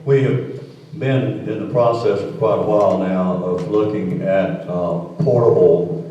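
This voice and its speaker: A man, a city official, answering residents at a council meeting in a measured way, with frequent ums and uhs. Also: low voice, mellow, lo-fi sound, slight background noise. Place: council meeting room, heard from far off. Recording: echoey hall from far off.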